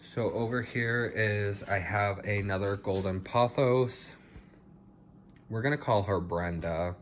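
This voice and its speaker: A man's voice: on the low side, takes it slowly, slight background noise. A man chatting casually through a house plant tour in his home, a little dramatic about how his plants are doing. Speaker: plant vlogger.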